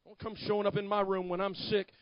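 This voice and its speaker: A male pastor preaching a fiery sermon, swinging between hushed asides and shouted declarations. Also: sits high, flat delivery, fast, highs cut off.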